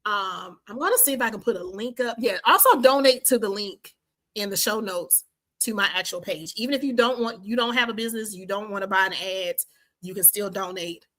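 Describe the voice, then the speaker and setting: A woman in her fifties hosts her own podcast, her voice bright and sharp. She talks in an animated, repetitive way, urging listeners on, then moves into fervent spoken prayer. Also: mid-range voice, fairly quick. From Washington, D.C. and the Carolinas, USA. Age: 50s. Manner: animated, repeats phrases for emphasis, prays fervently. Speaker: podcast host. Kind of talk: casual podcast outro and prayer.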